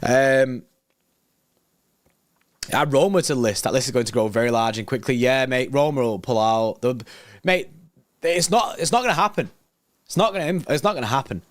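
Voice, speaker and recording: Excitable slangy young man. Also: medium pitch, normal speed, long pauses, dry recording, studio quality. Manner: excitable, slangy, reads news aloud and riffs. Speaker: football livestream host. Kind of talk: casual livestream chat reacting to news.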